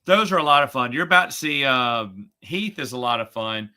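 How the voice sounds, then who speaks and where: A middle-aged man hosts a casual stream chat in a very bright, mid-pitched voice. He is sarcastic and chatty, and he winds himself up when he retells a frustrating story. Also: animated, moderate pace. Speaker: podcast host and streamer.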